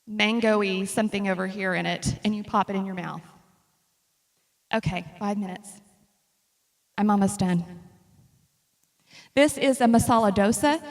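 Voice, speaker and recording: A woman giving a casual, humorous talk about her travel slides to an audience. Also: medium pitch. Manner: chatty and humorous, lively storytelling. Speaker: speaker presenting travel slides. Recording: long reverb of a hall.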